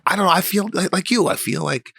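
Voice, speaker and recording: A middle-aged man co-hosting a podcast, telling stories in casual chat and working himself into animated rants. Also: fast talker, gravelly, breathy edge, dry recording. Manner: animated storytelling, rants with rising pitch. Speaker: podcast co-host.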